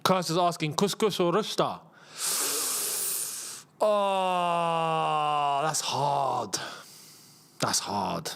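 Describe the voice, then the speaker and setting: A young man from England hosting a live football watchalong, reacting loudly to the match and chatting with viewers. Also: a little high, drawn-out words, gravelly, long pauses, clean tone. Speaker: football channel host. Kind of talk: live watchalong commentary and chat.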